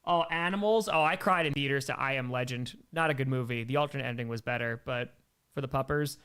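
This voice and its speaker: A man's voice: medium pitch, fairly quick, a bit bright, clear, resonant tone. A man hosting a casual livestream Q&A, rambling enthusiastically through his answers and thanking donors along the way. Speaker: livestream host answering viewer questions. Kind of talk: casual chat.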